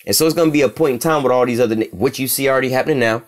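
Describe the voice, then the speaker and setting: A man giving casual, profane scripture commentary as a religious teacher, reading verses slowly and asking "all right?" again and again. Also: mid-range voice.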